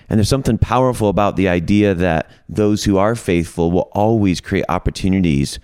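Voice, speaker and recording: Low-voiced man telling funny stories. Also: a little fast, hardly any pauses, smooth, no room sound. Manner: animated storyteller, quotes himself and others; humorous, coins playful words. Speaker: podcast guest. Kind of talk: storytelling in a casual group chat.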